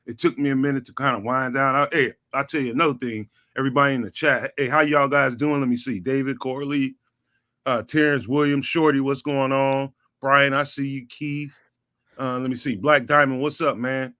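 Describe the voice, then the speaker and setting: A man guesting on a sports talk show, with a bright, forceful voice at a middling pitch. He talks in an animated, slangy way and loops back on phrases to hammer his point home. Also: moderate pace. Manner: animated, slangy, repeats himself for emphasis. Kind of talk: casual sports talk chat.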